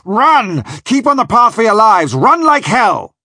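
A man voicing a brutal, furious ship captain who barks orders in a husky voice. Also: high-pitched, sing-song, fairly quick, voice pushed up, full character voice. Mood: bawling. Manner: shouting, furious, barking orders. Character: bellowing, brutal middle-aged male ship captain.

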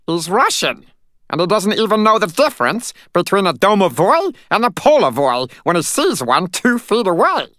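Super shrill little fairy soldier, pompous and theatrical, storybook style, dry sound. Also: male voice, big pitch swings, slow, bright, forceful tone, no room sound, heavily acted. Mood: outraged. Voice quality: shrill, theatrical, like a Shakespearean actor on helium. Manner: indignant, grandly formal.

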